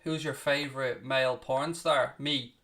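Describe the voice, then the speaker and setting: This football watchalong host, captured on a distant mic, has a medium-pitched, sharp voice with fairly even intonation. He delivers fast play-by-play naming each pass, is blunt and snippy toward his chat, and curses freely.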